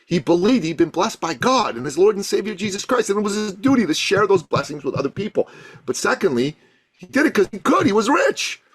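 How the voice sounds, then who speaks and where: A man guesting on a podcast as a coach, telling a story with passion and building to loud emphatic peaks. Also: high voice, sing-song, fairly quick, slightly rough, no room sound. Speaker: guest, coach and thought leader.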